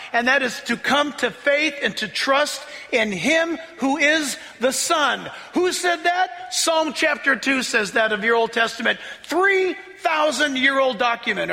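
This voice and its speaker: High, bright-voiced excitable preacher man. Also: gravelly, big-room sound. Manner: excitable, laughing, rising to shouts. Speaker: pastor. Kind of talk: sermon.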